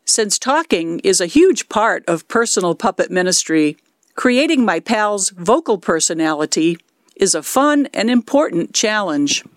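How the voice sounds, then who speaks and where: A woman in her sixties speaks in a low-set alto, clear and measured as she explains things step by step. Her voice is recorded close and dry, with no room sound around it. The pitch sits in a middling range for a woman. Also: sing-song, no echo. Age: 60s. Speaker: lay worship leader doing puppet ministry. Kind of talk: instructional talk.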